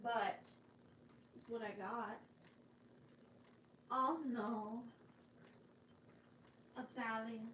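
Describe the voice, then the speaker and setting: Slow, bright-voiced woman chatting live. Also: a little high, steady tone, slight background noise. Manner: chatty and giggly, jokey asides. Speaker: online antiques seller hosting a live sale. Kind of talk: casual live-stream chat with viewers.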